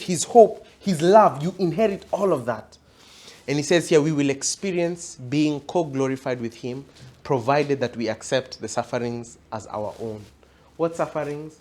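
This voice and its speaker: A man delivers a sermon with emphatic, repeated appeals to his listeners. His pitch sits in an ordinary middle range. He speaks at a church event. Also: a little mellow. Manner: emphatic, repeats questions to the audience. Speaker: preacher.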